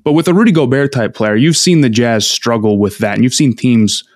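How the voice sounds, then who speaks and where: A man's voice: medium pitch, fairly quick, a little mellow, no room sound, studio quality. A man hosting a casual podcast chat, easygoing and thinking aloud. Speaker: podcast host.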